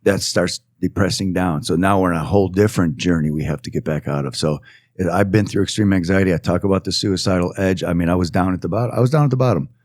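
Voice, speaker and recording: Guy on a podcast, really low voice, dry close sound, talks earnest and thoughtful, lots of uhs. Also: a little mellow, no echo. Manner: earnest, reflective, halting with fillers. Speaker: podcast guest. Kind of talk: casual podcast conversation.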